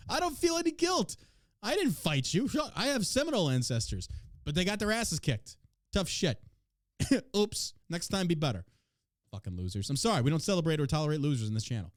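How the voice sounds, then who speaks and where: A man's voice: on the high side, huge pitch swings, moderate pace, no echo, clean studio sound. A man hosting a podcast in casual chat, brash, profane and mocking as he reacts to the news and to his chat. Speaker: podcast host.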